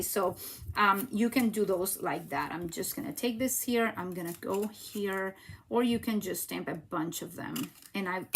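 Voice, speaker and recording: A fairly high-voiced woman with a Puerto Rican Spanish accent and Spanish as her first language, leading a live card-making tutorial. She chats in an upbeat way and thinks aloud as she works, with a faint hiss in the background. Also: a bit bright. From Puerto Rico. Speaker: craft demonstrator.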